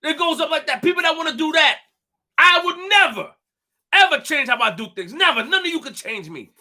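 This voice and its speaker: Brash, high-voiced man ranting on a live stream. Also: animated, brisk, pushed and bright. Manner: boastful, emphatic, repeating phrases and stumbling over words. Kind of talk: fired-up live-stream rant.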